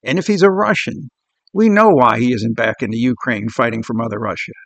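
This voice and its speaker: A man's voice: mid-range voice, brisk, fairly bright tone, dry recording. A male show host giving scornful, blunt commentary on a video clip.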